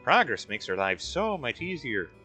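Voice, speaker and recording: A man's voice: mid-range voice, big pitch swings, moderate pace, sharp tone, soft background music. A man voicing a chatty male townsperson passing on local gossip.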